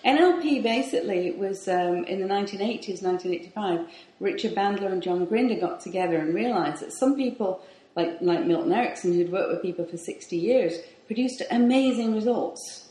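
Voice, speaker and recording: A woman's voice: mid-range voice, fairly quick, warm tone. Emphatic woman, falling sentence endings. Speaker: author and hypnosis practitioner as guest. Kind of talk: conversational explaining. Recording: echoey room.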